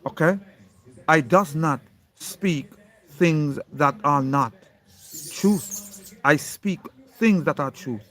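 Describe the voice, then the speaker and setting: A man's voice: fairly high pitch, takes it slowly, long pauses, fairly bright tone. A man delivering an impassioned monologue, emphatic and insistent, stressing single words as he speaks straight to a critic. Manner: preachy, addressing an unseen critic directly.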